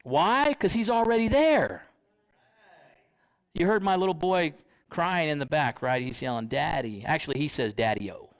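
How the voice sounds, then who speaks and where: A young man preaching in church, his voice sitting fairly high. He talks in a conversational way and keeps asking the congregation questions. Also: lively intonation, a little slow. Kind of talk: sermon.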